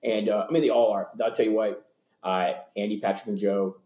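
A man telling road stories as an interview guest in a loose, excitable way, full of fillers and restarts. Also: lowish voice, reverberant. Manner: animated, fast, lots of fillers and restarts, acts out voices. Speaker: interview guest, former tour hypeman. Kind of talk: casual storytelling.

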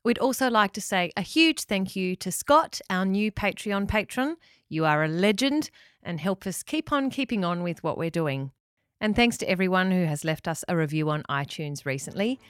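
A woman narrating a children's story and hosting her podcast in a calm, gentle way. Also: on the low side, normal speed, clean tone, no room sound, clean studio sound.

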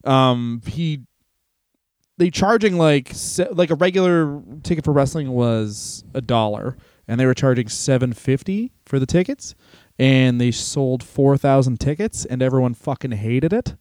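A man's voice: mid-range voice, unhurried, a little mellow, dry recording, clean studio sound. A man co-hosting a comedy podcast in casual chat, rambling with restarts and laughing often. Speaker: podcast co-host.

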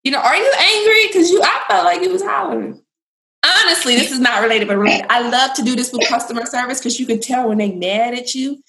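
Give me an animated, high-pitched woman giving casual advice in an echoey room. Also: fairly quick, creaky. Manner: animated, acts out quoted dialogue.

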